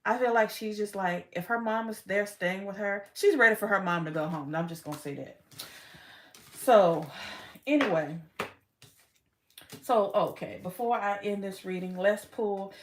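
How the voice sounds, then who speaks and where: A woman's voice: medium pitch, normal speed, a little hiss or hum. Brief: woman tarot reader on a casual vlog, frank and chatty, with loose cursing and frequent laughter. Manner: chatty, frank, swears freely, laughs often.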